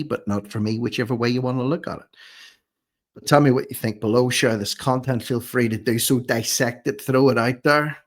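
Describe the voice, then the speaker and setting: A man hosting an opinionated commentary vlog, reading news reports aloud and then firing off indignant rhetorical questions. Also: medium pitch. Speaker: host of a commentary channel.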